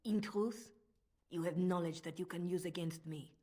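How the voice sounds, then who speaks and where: A woman's voice: on the low side, fairly even intonation, normal speed, dark tone, natural voice. An actress with a French accent voicing a cold, manipulative woman spymistress in a video game, speaking in a silky, menacing way. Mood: scheming.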